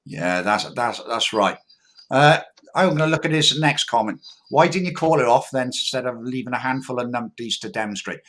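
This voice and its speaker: A man's voice: mid-range voice, normal speed, a bit bright. A man hosting a livestream, chatting casually, reading out comments, stumbling over his words and calling people "mate". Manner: laid-back, stumbling restarts, says "mate". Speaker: livestream host.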